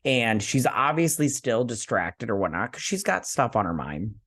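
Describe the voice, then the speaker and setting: A man's voice: mid-range voice, big pitch swings, normal speed, a bit bright. A tired man hosting a casual TV review, retelling an episode in a rambling, chatty way and often breaking off to give his own reactions. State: tired, yawning. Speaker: TV review host.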